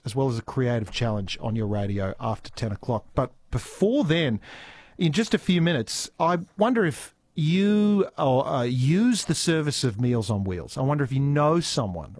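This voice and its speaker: A man's voice: medium pitch, darkish tone, breathy edge, no echo. Chatty Australian man hosting radio. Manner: chatty, easygoing, frequent ums and restarts. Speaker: radio host. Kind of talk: live radio chat and listener messages. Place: radio studio. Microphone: studio microphone.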